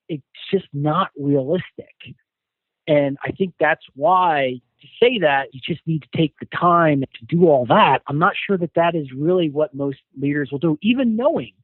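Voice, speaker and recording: A man's voice: fairly high pitch, dry recording. A man speaking as a guest coach in an interview, explaining with earnest, thoughtful care. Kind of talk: casual interview. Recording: dry tinny phone line.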